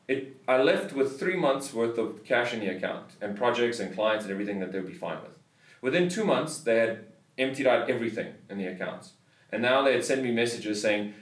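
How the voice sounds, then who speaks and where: A man's voice: mid-range voice, a little fast, reverberant, recorded from a distance. A South African man on a podcast, telling a story in a heated, swearing rant. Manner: swears a lot, heated ranting. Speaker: podcast host. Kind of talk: casual storytelling.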